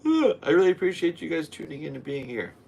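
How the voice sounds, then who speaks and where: A man's voice: fairly high pitch, very animated, fast talker, vocal fry, darkish tone, slightly rough. A young man hosting a solo podcast, worn out and yawning, rambling in a loose, goofy way. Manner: rambling and tired, with goofy voices and playful yelps. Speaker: podcast host.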